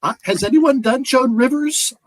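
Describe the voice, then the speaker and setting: A man's voice: very high-pitched, normal speed, dry recording. A man hosting a talk show, asking brief questions and laughing along with his guest. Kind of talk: interview questions.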